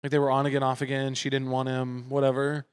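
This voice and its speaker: A man's voice: mid-range voice, completely flat delivery, fast, smooth. A man chatting casually as a podcast host, telling stories in a wry, blunt way with some swearing. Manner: wry storyteller, blunt and profane. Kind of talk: casual chat.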